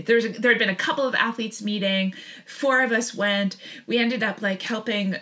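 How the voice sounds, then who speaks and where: A woman in her thirties speaks as a podcast guest with a bright, sharp tone at a middling pitch. She tells a long personal story, often breaking off mid-sentence, correcting herself and laughing as she goes. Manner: rambling, self-interrupting, laughs often. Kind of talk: casual storytelling interview.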